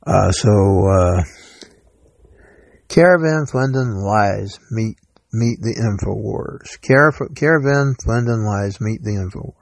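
Gravelly low-voiced man rambling through headlines. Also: darkish tone, dry recording. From Georgia, US South. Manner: rambling, stumbles over words while reading. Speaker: podcast host. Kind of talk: solo podcast monologue reading headlines.

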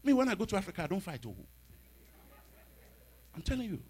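A man preaching a sermon, telling stories in an animated way and building into shouted declarations. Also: high-pitched, brisk, husky. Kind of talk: storytelling sermon, rising into shouted exhortation.

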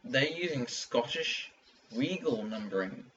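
A man co-hosting a casual podcast chat, talking in quick restarts and asides. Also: mid-range voice, animated, fairly bright tone. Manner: chatty, self-interrupting. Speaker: podcast co-host. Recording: distant mic, dull sound, faint hiss.

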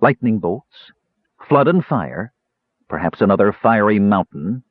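A man voicing a sardonic young male sorcerer who talks softly and mockingly, in an audiobook reading. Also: fairly low pitch, expressive, measured pace, husky, dry recording. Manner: soft, sarcastic, sinking to a hiss. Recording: dull lo-fi dry recording.

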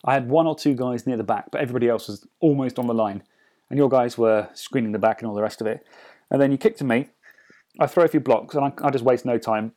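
A man tells the story of a tabletop game match on a podcast. His retelling is casual and lively, and he acts out his own thoughts as he goes. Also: mid-range voice, quick pace. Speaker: podcast co-host.

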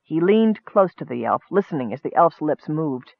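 A man reading a fantasy story aloud in a steady, measured way. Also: a little high, creaky, dry recording. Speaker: audiobook narrator. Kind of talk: scripted fantasy narration. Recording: dry tinny phone-like audio.

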